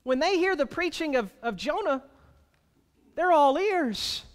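In a reverberant church sanctuary, a man serving as pastor preaches in a very high, lively voice. He leans hard on his points, slowing down and dragging out key phrases so they land with weight.

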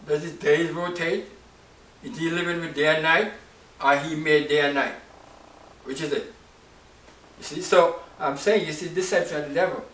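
A man's voice: a little high, steady tone, normal speed, pauses often, fairly bright tone. Man preacher, raised voice, informal Bible talk, miked from a distance in a reverberant room. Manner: conversational, repeats "right?" and "you know". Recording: echoey room, voice off-mic.

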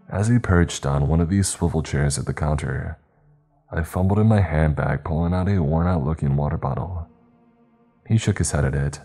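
A man narrating a horror story in a measured, tense way. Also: very deep voice, warm tone, husky. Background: faint background music.

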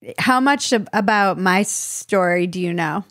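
Slow, wry woman podcast host. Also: medium pitch, a bit bright, dry recording, studio quality. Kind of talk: casual interview chat.

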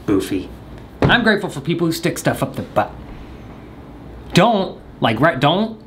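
Young guy vlogger with a lively, bouncing voice, goofy and jokey, faint room hum behind. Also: a little high, unhurried. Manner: goofy, joking, talks to the camera. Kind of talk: rambling comedic monologue.

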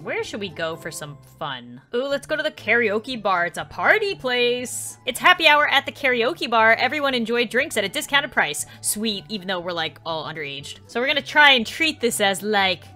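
Lively, bright-voiced young woman gaming. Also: mid-range voice. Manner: excitable, laughs often, talks to the game characters. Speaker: gaming channel host. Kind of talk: casual gameplay commentary.

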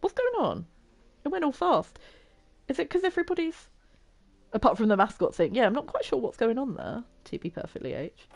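A woman's voice: fairly high pitch, big pitch swings, a little fast, vocal fry, darkish tone. A young woman chatting and giggling her way through a life-sim game as a streamer. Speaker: gaming streamer. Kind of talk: casual gameplay commentary.

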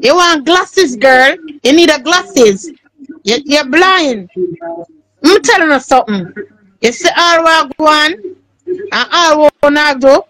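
Woman, high voice, slow, scolding, lecturing, dry close sound. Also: expressive, a bit bright, no room sound, poor audio.

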